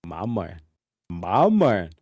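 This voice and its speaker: A man hosting a casual livestream chat, reading viewer messages aloud, swearing and mocking loudly. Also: sits low, sing-song, very slow, no echo. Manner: profane, loud, mocking. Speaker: livestream host.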